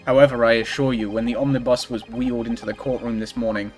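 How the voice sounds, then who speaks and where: A man's voice: mid-range voice, little pitch movement, quick pace, faint music behind, voice pushed down, lightly acted. A man reading aloud the lines of a haughty aristocratic lord prosecutor in a formal, lofty manner.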